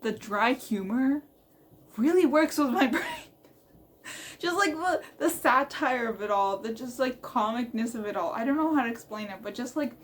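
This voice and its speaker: A young woman book vlogger chatting casually and excitedly about her reading, rambling and laughing as she goes. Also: a little high, a little hiss or hum. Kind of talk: casual chat.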